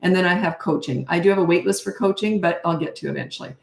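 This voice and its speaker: A woman's voice: lowish voice, fast talker, creaky. A middle-aged woman who is a parenting coach, giving blunt, confident advice on a casual live stream. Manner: blunt, confident, acts out quoted dialogue. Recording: echoey room.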